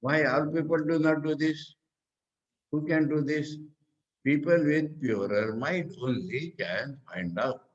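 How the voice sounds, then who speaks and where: Indian monk giving a slow, questioning discourse. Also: male voice, on the high side, dull audio. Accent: Indian English. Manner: slow, explanatory, asks questions and then answers them. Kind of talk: spiritual discourse.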